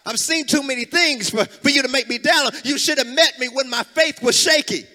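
A man's voice: very high-pitched, fairly quick, pushed and bright. A man preaching an impassioned sermon, with call-and-response lines and a sing-song, chanting delivery.

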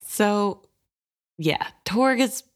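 A woman co-hosting a book podcast, chatting about the story in a lively, opinionated way. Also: medium pitch, extremely slow. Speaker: podcast co-host.

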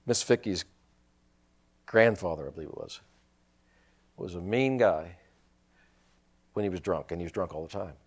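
Lively-voiced male preacher telling stories. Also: low voice. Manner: storytelling, rising to shouted praise. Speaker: pastor. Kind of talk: sermon.

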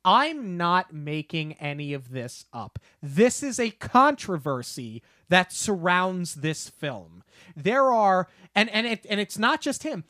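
Male podcast co-host, unhurried and deliberate, close dry mic, amused storyteller. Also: sits high, big pitch swings, bright, forceful tone, dry recording. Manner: slow, deliberate build-ups with playful disbelief. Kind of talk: casual podcast chat. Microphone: podcast microphone.

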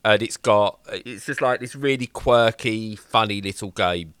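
A young man co-hosting a casual chat, rambling and animated as he acts out little voices. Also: lowish voice, measured pace, clean tone, no room sound, clean studio sound. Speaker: podcast co-host reviewing games.

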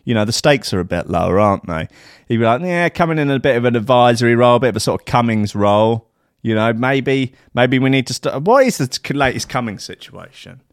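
A man delivering a rambling, deadpan satirical comedy monologue, full of fillers and restarts. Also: medium pitch, a little fast, no room sound, studio quality.

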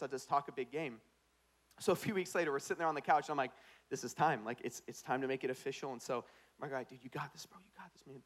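A young man preaching a sermon as pastor, telling a comic story with put-on voices and swinging between hushed asides and loud punchlines. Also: on the high side.

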